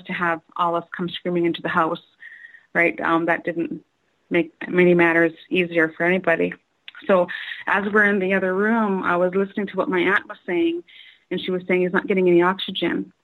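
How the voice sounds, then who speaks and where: A woman's voice: lowish voice, little pitch movement, phone-quality sound. Woman recounting a frightening memory. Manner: halting, many fillers and restarts; voice rises when quoting others. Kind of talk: personal storytelling.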